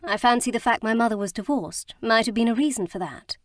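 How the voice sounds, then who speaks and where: A woman's voice: fairly high pitch, a little fast, no room sound, clean studio sound, close to an everyday voice. A woman voicing a prim young wife. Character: proper, flustered young wife. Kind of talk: audiobook reading.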